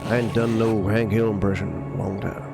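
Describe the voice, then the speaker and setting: A man's voice: on the low side, steady tone, fairly quick, gravelly, music in the background. A man putting on a Southern accent to play a folksy middle-aged cartoon propane salesman with a drawling voice. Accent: put-on Southern US.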